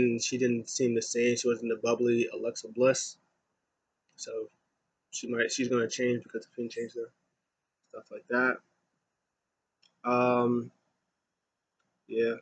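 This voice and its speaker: A man's voice: mid-range voice, fairly bright tone. A young man casually recapping a wrestling show, rambling with lots of fillers. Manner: rambling, many fillers, paraphrases with quick voices.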